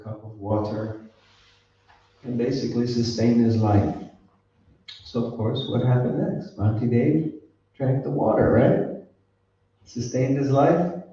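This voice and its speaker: A man's voice: lowish voice, warm tone, lo-fi sound. A man telling a spiritual story to a gathering, playful, laughing often and quizzing the listeners, recorded from a distant mic in an echoey room. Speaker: spiritual teacher.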